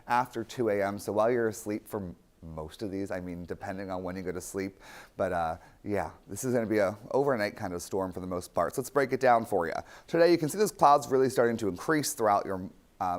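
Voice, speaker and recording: A young man, a TV weather forecaster, talking casually through the forecast while losing his voice. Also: lowish voice. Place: TV studio.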